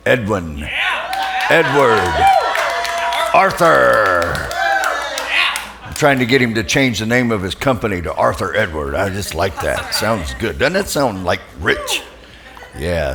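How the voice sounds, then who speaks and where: A man's voice: low-pitched, background noise. A man in his fifties giving upbeat, enthusiastic opening remarks to a church audience, greeting people in the crowd. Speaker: church speaker. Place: church hall, live audience.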